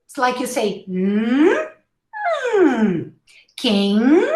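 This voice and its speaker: Woman teacher drawing out words super slow, high voice, roomy echo. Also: sing-song. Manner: slow, drawn-out modeling of words with repetition. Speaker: English pronunciation teacher. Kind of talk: live online class.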